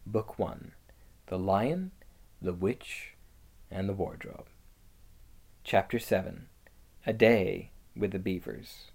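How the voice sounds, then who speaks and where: An audiobook narrator reading a children's story in a lively, expressive manner. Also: low-pitched, takes it slowly, creaky, long pauses. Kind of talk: scripted narration.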